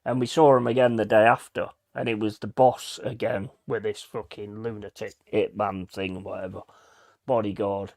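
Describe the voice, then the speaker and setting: A man's voice: on the low side, level tone, moderate pace, vocal fry, darkish tone. A man hosting a live stream, telling holiday stories in casual chat, swearing freely and acting out what others said. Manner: swears freely, acts out quoted voices. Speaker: host.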